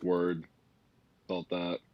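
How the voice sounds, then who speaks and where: A man calling in as a guest for casual chat, laid-back and slangy, with plenty of halting fillers and his mouth full of food. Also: low voice, monotone, no echo, highs cut off. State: talking while eating. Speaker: call-in guest.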